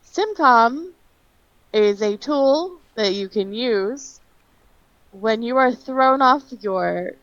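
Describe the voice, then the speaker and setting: A woman's voice: medium pitch, no room sound. Dry-witted young woman on a lo-fi call. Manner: dry, deadpan jokes. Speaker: podcast co-host, ASL interpreter. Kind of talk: casual chat. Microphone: remote call mic.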